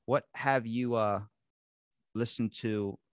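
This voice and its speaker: A man with a Baltimore accent hosts a casual podcast, telling animated, swear-laden stories. His voice is mid-pitched and sits close to the mic in a dry, dead room. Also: dry recording. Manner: fast, swearing, animated storyteller. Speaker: podcast host.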